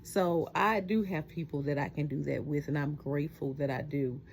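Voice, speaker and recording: A middle-aged woman talking heartfelt and reflective in a personal vlog at home at night, halting often with fillers. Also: low-pitched, steady tone, gravelly, a little mellow, a little hiss or hum. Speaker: vlogger.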